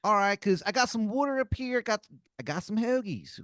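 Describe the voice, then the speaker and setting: A man's voice: sits high, animated, moderate pace, fairly bright tone, no room sound, studio quality, voice pushed up. A man voicing a wizard cab driver in a bad, exaggerated Philadelphia accent, talking with his mouth full. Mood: pushy. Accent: put-on exaggerated Philadelphia accent.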